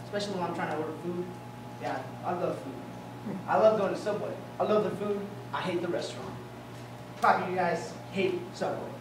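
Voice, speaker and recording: A man's voice: high-pitched, noisy background. A young man doing stand-up comedy at a college venue, telling stories in a rambling, self-amused way. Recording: echoey hall, recorded from far off. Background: audience ambience.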